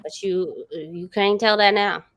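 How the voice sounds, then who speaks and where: A woman chatting on a video call, expressive and playful, mimicking others as she talks. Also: mid-range voice, measured pace. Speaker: reading sprint guest. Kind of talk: casual group chat.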